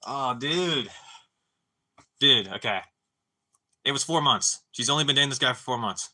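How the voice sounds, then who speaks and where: A young man talks casually to a live stream audience with a very bright, forward voice. He rambles through a story, stumbles over restarts, swears freely and drops "dude" and "bro" into nearly every line. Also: medium pitch. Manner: stammering restarts.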